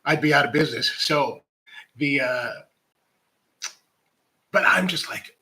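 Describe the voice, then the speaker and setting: A man's voice: medium pitch, slow pace, sharp tone, rough recording. A man from the United States, a coffee professional hosting his own channel, chatting casually to camera in a rambling, candid, self-deprecating way full of "like" and restarts.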